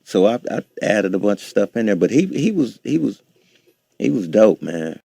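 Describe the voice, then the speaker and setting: A man, a DJ and producer, recalls a recording session in a relaxed, halting way with lots of fillers. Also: on the low side, creaky, slightly rough, no room sound, studio quality. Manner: laid-back, halting with fillers. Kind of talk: interview recollection.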